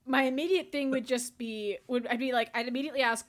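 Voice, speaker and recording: A young woman co-hosting a podcast in casual chat, firing back quick wisecracks and swearing casually. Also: high-pitched, steady tone. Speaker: podcast co-host.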